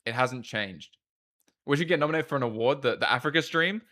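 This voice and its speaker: Speaking with a forceful tone and a bright, medium-pitched voice, an Australian livestreamer keeps up casual stream chat. He rambles, tosses in quick asides, and swears without restraint.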